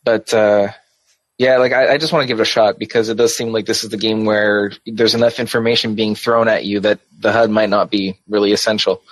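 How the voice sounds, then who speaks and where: A man's voice: fairly low pitch, flat delivery, a little fast, no echo. Male podcast co-host, casual rambler, dry close mic. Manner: rambling, many restarts and swearing. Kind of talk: casual chat.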